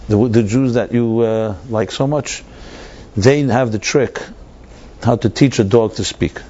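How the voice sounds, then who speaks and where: A man's voice: medium pitch, unhurried, warm tone, close to an everyday voice. A man voicing a scheming village priest in a told story, coaxing and insistent, on a dull lo-fi recording.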